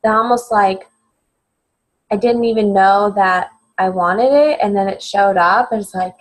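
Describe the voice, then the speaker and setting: An earnest woman talking in a spiritual conversation. Her pitch sits in the middle, and her tone stays emphatic as she circles back to the same phrases again and again. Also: measured pace, low-quality recording. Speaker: guest.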